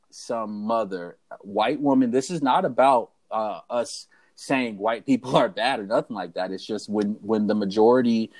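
A young man, co-host of a podcast, telling a story in casual chat and acting out the people in it. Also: on the low side. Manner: animated storyteller who acts out the voices of people in his story.

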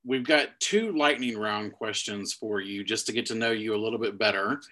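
A man hosting a university interview show, briskly reading out prepared questions to his guests. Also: on the low side, bright, forceful tone. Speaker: host.

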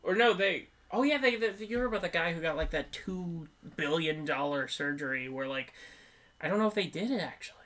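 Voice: medium pitch, expressive, a little fast, fairly bright tone. A person in their twenties co-hosting a casual movie-review podcast, rambling into tangents and laughing often. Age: 20s. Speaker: podcast co-host.

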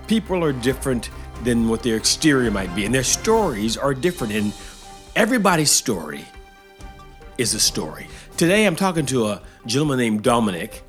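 A man's voice: mid-range voice, big pitch swings, normal speed, soft background music. A man playing a polite, earnest news anchor in an improvised comedy sketch, who is taken aback by his guest.

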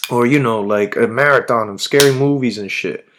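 A man's voice: medium pitch, normal speed, noisy background. A man hosting a podcast, chatting casually in a rambling way, swearing constantly and using lots of slang. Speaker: podcast host. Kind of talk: casual chat.

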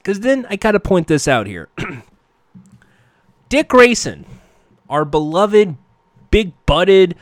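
A man's voice: high-pitched, sing-song, takes it slowly, pauses often, no room sound, clean studio sound. A man casually recapping a show with jokey, profane, self-mocking asides.

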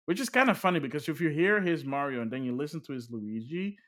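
Animated chatty man. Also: a little high, quick pace. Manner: animated, filler-heavy, voice jumps up when excited. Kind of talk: casual chat about games and movies.

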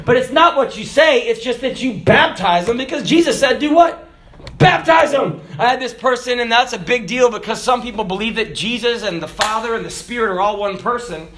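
A man preaching a sermon, moving from loud, emphatic lines to soft, low asides. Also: a little fast, few pauses, a little hiss or hum. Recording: echoey hall.

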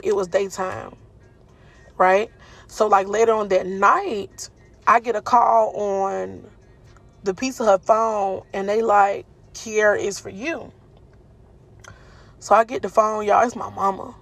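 A woman, telling a personal story casually to her viewers in an animated way. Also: vocal fry. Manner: animated, acts out quotes with jumps in pitch, speaks fast and slow by turns.

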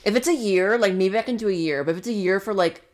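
A woman's voice: medium pitch, fast talker. A young woman co-hosting a podcast, talking frankly and casually with plenty of "like" and some swearing. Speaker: podcast co-host. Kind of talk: casual chat.

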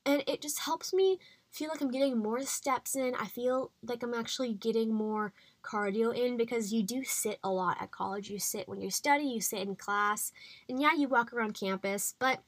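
In a faith-based health podcast monologue, the young adult woman hosting speaks chattily and encouragingly, using frequent fillers. Her pitch is on the high side at a moderate pace, recorded without echo.

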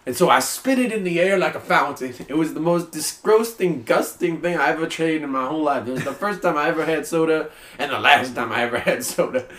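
A man's voice: fairly high pitch, fairly quick, few pauses, a bit bright. A young man telling a story with playful exaggeration in casual chat as a podcast co-host. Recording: echoey room.

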